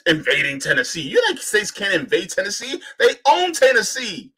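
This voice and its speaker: A man hosting a political talk stream, fiery and argumentative, piling up rhetorical questions. His voice sits a bit high and swings widely in pitch. The tone is bright and forceful. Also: huge pitch swings, moderate pace, few pauses, slightly rough. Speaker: host. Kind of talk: political commentary on a livestream.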